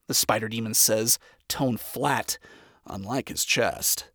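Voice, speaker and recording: A man reading a first-person story aloud, with sarcastic, profane, deadpan asides. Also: lowish voice, slow pace, no echo, studio quality. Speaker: story reader.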